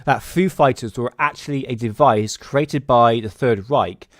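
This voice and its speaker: A man's voice: mid-range voice, measured pace, no room sound. Rambling man, dry close mic. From England. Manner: rambling, with many fillers and restarts. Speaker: host. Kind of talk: casual solo video talk.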